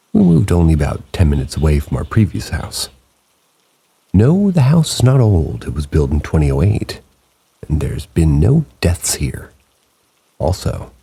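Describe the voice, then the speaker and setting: A man narrating submitted true ghost stories in a slow, hushed late-night storytelling manner. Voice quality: very deep gravelly voice. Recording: rain sounds behind the voice.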